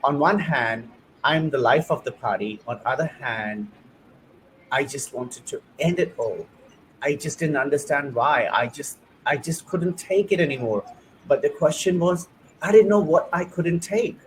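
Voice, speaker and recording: A man hosts a heartfelt conversation in a voice pitched a little high. He speaks earnestly in short, searching phrases as he shares his own experience, with faint ambient noise behind him. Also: a little slow, rough recording. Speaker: host. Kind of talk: personal testimony in conversation.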